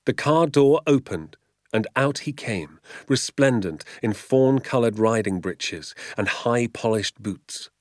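A man reading a children's novel aloud as an audiobook, with measured, vivid storytelling. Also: mid-range voice, animated, darkish tone, no room sound, studio quality. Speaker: audiobook reader. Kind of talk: audiobook narration.

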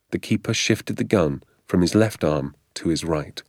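A man narrating a storybook audiobook in a measured, even reading voice, voicing the dialogue himself. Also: low-pitched, no room sound, clean studio sound.

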